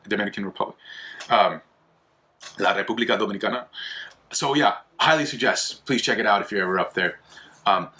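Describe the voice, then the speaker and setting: A young man hosting an apologetics channel, talking casually in a rambling way with many fillers and restarts, and animated when he retells a story. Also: fairly low pitch. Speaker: host of an apologetics video channel. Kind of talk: casual explainer monologue.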